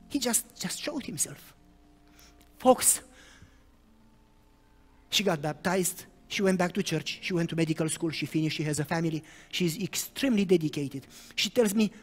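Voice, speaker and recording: A man's voice: high-pitched, moderate pace. Man preaching in an echoing hall. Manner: storytelling with sudden emphatic rises. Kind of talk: sermon. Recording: reverberant hall.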